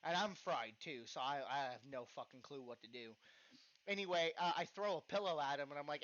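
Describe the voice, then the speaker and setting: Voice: medium pitch, normal speed, fairly bright tone. A podcast host telling a story in casual chat, acting out the voices and swearing freely. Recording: dull lo-fi podcast recording.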